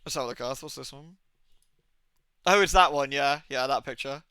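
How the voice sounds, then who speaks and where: A young man streaming a game, chatting casually to his viewers, rambling and joking, swearing freely and slipping into quick silly impressions. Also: mid-range voice, sharp tone, smooth, no echo. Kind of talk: casual live-stream chat.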